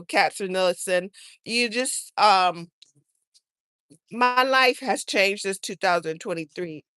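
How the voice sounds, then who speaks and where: A woman's voice: mid-range voice, pushed and bright, smooth, no echo. Woman, livestream host, chatty and rambling, earnest, mid-range voice, dry sound. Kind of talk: casual livestream chat. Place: home garden, outdoors.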